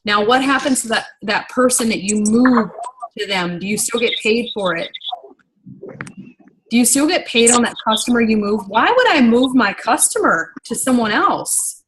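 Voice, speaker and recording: A young adult woman leading a business team meeting in a casual, animated, rambling way, getting worked up and talking fast when excited. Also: fairly high pitch, a little hiss or hum, rough recording. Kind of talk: casual motivational training talk.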